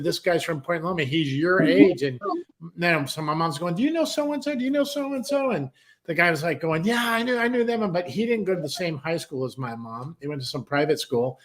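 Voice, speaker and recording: A man, a country music artist, telling a long personal story on a talk show, acting out the other people's voices as he goes and swearing casually. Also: on the high side. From San Diego, California. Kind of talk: animated storytelling.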